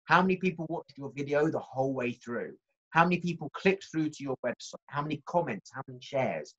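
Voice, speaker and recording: A man presenting a marketing workshop in a lively, conversational way, talking straight to his audience. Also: a little high, brisk, muffled recording.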